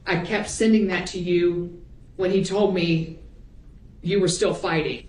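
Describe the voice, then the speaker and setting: A woman prosecutor examining a witness in court, reading emails aloud in a measured, plain way. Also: fairly low pitch, steady tone, darkish tone. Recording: roomy courtroom audio.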